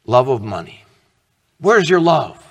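A man's voice: mid-range voice, big pitch swings, slow pace, slightly rough, big-room sound. A middle-aged man preaching a sermon as pastor, earnest and conversational, asking the congregation questions.

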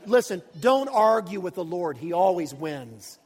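A man preaching a storytelling sermon, animated and dramatic, swinging from hushed asides to shouts. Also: high-pitched, unhurried, slightly rough. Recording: long reverb of a large hall.

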